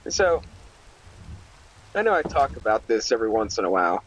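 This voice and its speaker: A man's voice: on the low side, sing-song, normal speed, highs cut off, slight background noise. A young man giving casual gameplay commentary while ranting in an irritated, rambling way, full of "like" fillers. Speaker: Let's Play commentator.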